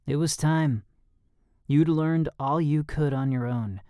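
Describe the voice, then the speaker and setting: A man's voice: a little high, takes it slowly, dark tone, clear, resonant tone, no echo. A man voicing a confident young male combat trainer who coaches with dry teasing.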